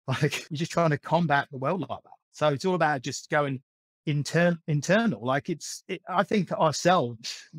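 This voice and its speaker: Guest: man, lively storyteller who laughs a lot, dry close sound. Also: fairly high pitch, dry recording. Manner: animated, laughs often, many restarts. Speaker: podcast guest. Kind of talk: storytelling in a casual conversation.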